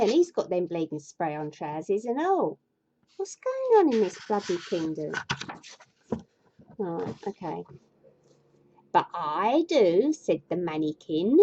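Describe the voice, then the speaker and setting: A woman reads a fairy tale with comic, grumbling asides, often sounding exasperated and sweary. Her voice is mellow and swings widely in pitch. The recording has a dull, lo-fi sound. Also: creaky. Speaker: storyteller.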